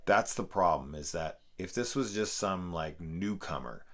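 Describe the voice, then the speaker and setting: A man's voice: deep voice, animated, measured pace. A man reviewing a film in a casual, profane, exasperated rant. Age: adult parent. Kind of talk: casual spoken movie review.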